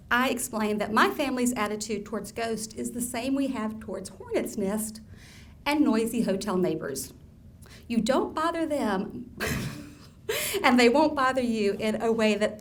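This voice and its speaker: A woman's voice: on the high side, moderate pace, a little hiss or hum. Wry woman reading aloud. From Alabama, US Southern. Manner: wry deadpan delivery with laughing asides. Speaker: author. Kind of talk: reading from her own book at a live event. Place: event room with audience.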